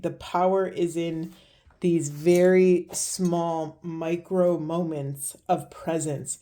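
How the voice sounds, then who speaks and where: A woman giving a spiritual card reading to her viewers, speaking slowly and earnestly with many pauses and restarts, moved close to tears. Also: lowish voice, warm tone. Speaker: tarot and oracle reader.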